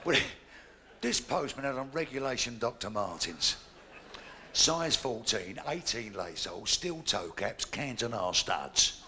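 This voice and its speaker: On a theatre stage, a man performs brash, bawdy stand-up, acting out both sides of every exchange. His mid-range voice takes big pitch swings at an unhurried pace, and the live recording is noisy.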